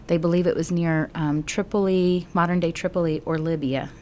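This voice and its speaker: A middle-aged woman Bible teacher telling a gospel story slowly and earnestly, often sinking into a whisper. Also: fairly low pitch, steady tone, dark tone, slight background noise. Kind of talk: emotional Bible storytelling lesson.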